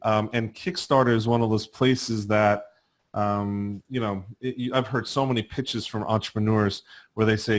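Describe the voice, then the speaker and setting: A man's voice: fairly low pitch, fairly even intonation, moderate pace. A man with a New Jersey accent hosting a podcast, asking long conversational questions with many fillers. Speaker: podcast host. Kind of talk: casual interview.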